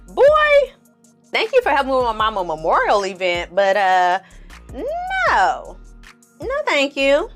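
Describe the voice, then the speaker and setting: A woman giving a casual, sassy TV review on her vlog. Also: medium pitch. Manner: sassy, expressive, acts out scenes in funny voices. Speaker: film and TV reviewer.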